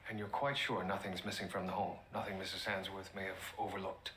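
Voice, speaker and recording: A polite, methodical detective. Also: male voice, low-pitched, level tone, a bit bright, a little hiss or hum. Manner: polite, measured, formal. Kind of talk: period TV drama acting.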